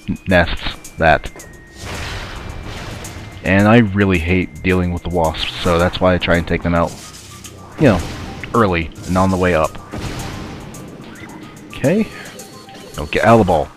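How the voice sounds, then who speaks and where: Congested man, low voice, rambling game commentary, muttered asides, game music loud behind. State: congested from a sinus infection. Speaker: let's play commentator. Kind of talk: casual gameplay commentary.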